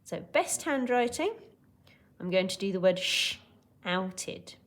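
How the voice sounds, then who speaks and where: A woman's voice: medium pitch, slow pace. A woman teaching a recorded lesson for young children, encouraging and patient, who acts out voices to show each word. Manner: expressive, acts out shouting, whispering and gasping to show words. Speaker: primary school teacher.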